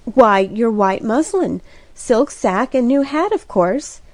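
A woman voicing a calm, patient older sister in an audiobook reading, speaking in a quiet, measured, slightly anxious way. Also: fairly high pitch, dry recording. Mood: gentle.

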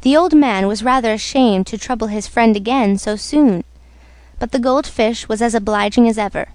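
A woman narrating a storybook on radio in a slow, measured way. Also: fairly high pitch, darkish tone, no echo. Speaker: story reader.

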